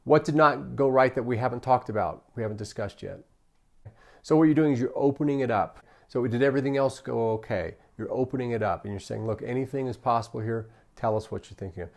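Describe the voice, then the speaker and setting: Here a man with a medium, slightly mellow voice delivers a coaching-style customer service training lecture. He keeps asking "right?" and acts out lines from customers and staff.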